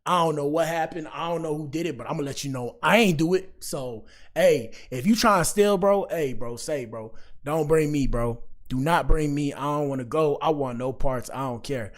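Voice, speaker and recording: A man's voice: on the high side, moderate pace, hardly any pauses. A man talking casually to his chat as a livestream commentary host, rambling and slangy. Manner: rambling, slangy, addresses chat often with "bro".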